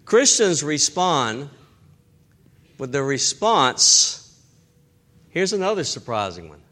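A middle-aged man preaching a sermon as pastor, emphatic and slowing down to stress key phrases. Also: fairly high pitch, big pitch swings, sharp tone.

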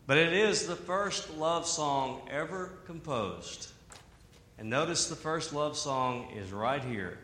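A man preaching a sermon in an animated way, with humor and asides. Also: on the high side, slow, a little hiss or hum. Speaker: pastor. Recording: echoey hall.

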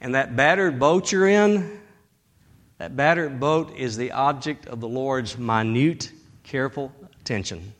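A male pastor preaching a sermon dramatically, swinging between loud bursts and hushed tones. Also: mid-range voice, a little slow.

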